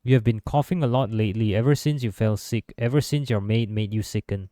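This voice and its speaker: A man reading visual novel narration aloud in steady second person, with small stumbles. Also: on the low side, fairly quick, dry recording, clean studio sound. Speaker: gameplay narrator.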